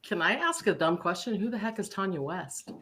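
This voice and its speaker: A woman's voice: mid-range voice, big pitch swings, a little fast, a bit bright, a little hiss or hum. A woman consultant on a video call, self-mocking and giggly. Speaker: title insurance consultant guest. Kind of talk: casual video-call chat.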